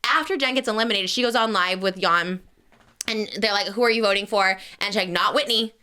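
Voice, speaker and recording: Fast, bright-voiced woman gossiping. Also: medium pitch, clear, resonant tone. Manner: rapid, animated, acts out others in quoted voices. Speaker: podcast host. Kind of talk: casual gossip chat.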